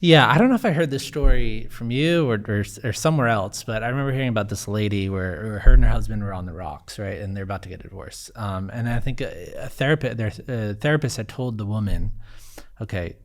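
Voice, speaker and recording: A man hosting a podcast interview, mostly giving short agreements and retelling a story with some halting restarts. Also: lowish voice. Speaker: podcast host. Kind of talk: casual interview chat.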